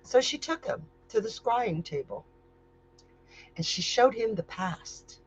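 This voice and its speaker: Slow, dramatic woman storyteller. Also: fairly high pitch, animated, slightly rough. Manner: emotional, building to intense. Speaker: storyteller and psychic host. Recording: dull lo-fi recording.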